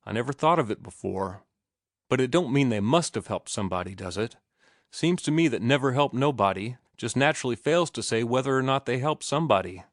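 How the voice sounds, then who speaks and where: A man's voice: mid-range voice, lively intonation, fairly quick, dry recording, studio quality, natural voice. A man voicing an earnest young male sailor who talks in plain, ungrammatical working-class speech. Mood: puzzled.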